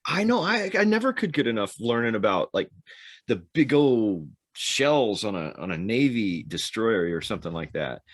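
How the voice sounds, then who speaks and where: Lively low-voiced man telling stories. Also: normal speed, no echo, studio quality. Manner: rambling anecdotal storytelling with frequent restarts and laughs. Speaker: podcast co-host, former Navy SEAL. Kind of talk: casual storytelling chat.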